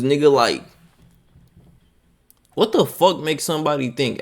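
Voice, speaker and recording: Gravelly man ranting through a reaction stream. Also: medium pitch, expressive, moderate pace. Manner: profane, incredulous, loud outbursts then mumbling asides. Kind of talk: casual live reaction commentary.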